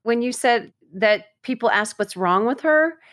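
Brief: woman, advice podcast co-host, brisk and explanatory, dry and close. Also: a little high, expressive, a bit bright, dry recording. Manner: brisk, explanatory, playful wordplay. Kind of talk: casual advice chat.

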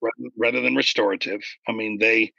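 Man, gravelly, husky edge, bright tone, earnest, casual faith talk, slightly dull dry audio. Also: on the low side, brisk, dry recording. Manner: earnest, explanatory, animated when retelling stories. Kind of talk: casual conversation about faith.

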